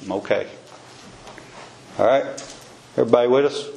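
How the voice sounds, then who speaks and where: A man's voice: mid-range voice, moderate pace, gravelly, mellow, slight background noise. A man teaching a casual Bible study in a folksy, conversational way, often repeating himself.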